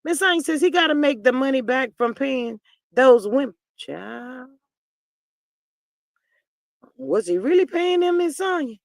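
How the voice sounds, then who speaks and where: A livestream host chatting casually and sassily about celebrity gossip, reading out viewer comments and peppering the talk with "child" and drawn-out "mm, mm". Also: high voice, animated, creaky, no room sound, clean studio sound. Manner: chatty, sassy, reads viewer comments aloud.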